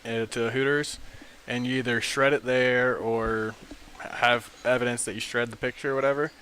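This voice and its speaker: A man's voice: mid-range voice, steady tone, moderate pace, bright, forceful tone, slight background noise. A man co-hosting a casual comedy podcast, laughing often and filling gaps with "uh". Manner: laughs a lot, says "uh" often. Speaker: podcast co-host. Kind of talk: casual chat.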